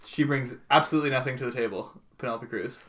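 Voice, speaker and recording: A man on a casual debate panel, delivering short, deadpan and sarcastic quips. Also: mid-range voice, quick pace. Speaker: panel guest.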